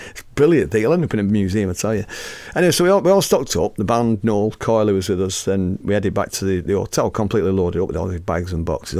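A man in his fifties hosting a podcast, telling a story in a lively, casual way, acting out the scene and swearing freely. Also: fairly low pitch, creaky, no echo. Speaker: podcast host and musician.

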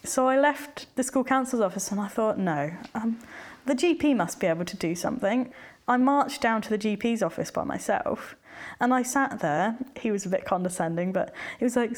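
A woman's voice: a little high, brisk. A young woman from England speaking candidly as an interview guest, retelling her experiences and acting out her past thoughts. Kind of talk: personal testimony in conversation.

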